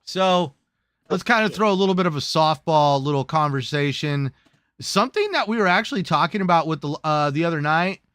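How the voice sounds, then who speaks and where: A man hosts a casual gaming talk show in a smooth, resonant voice that sits a little high for a man. He jokes a lot and keeps the talk lively, slipping into silly voices now and then. The sound is dry and close. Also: brisk, dry recording. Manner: lively, joking, slips into silly put-on voices. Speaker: host.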